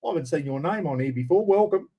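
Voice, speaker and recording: A man's voice: a little high, expressive, fast, breathy edge, muffled recording. An Australian man hosting a casual livestream from a room at home, chatting easily and greeting viewers by name. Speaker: livestream host. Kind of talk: casual live chat reading out viewer names.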